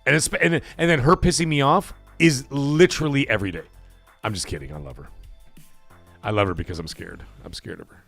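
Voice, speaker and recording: A middle-aged man hosting a live stream in loose, profane, rambling chat that breaks into bursts of shouting. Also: medium pitch, fairly quick, gravelly, soft background music. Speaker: livestream host.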